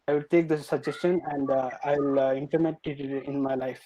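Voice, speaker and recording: A nervous young man answering a panel's questions, hesitating with many filler pauses. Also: mid-range voice, fairly even intonation, mellow, poor audio. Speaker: student presenter.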